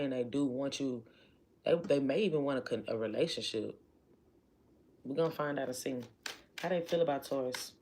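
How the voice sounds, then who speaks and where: A woman's voice: low voice, darkish tone, slight background noise. A woman giving a casual tarot reading, talking chattily and repeating lines for emphasis. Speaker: tarot reader.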